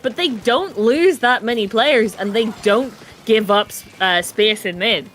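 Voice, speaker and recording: A woman's voice: fairly high pitch, unhurried, fairly bright tone, a little hiss or hum. Chatty female esports color caster. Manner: chatty, musing, laughs often. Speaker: esports co-commentator. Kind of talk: color commentary.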